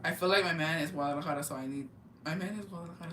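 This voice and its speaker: A woman's voice: low-pitched, very fast, fairly bright tone, a little hiss or hum. Profane, slangy young woman streamer. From Oaxaca, Mexico. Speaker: live-stream host. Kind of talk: casual chat with viewers. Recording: roomy, mic at a distance.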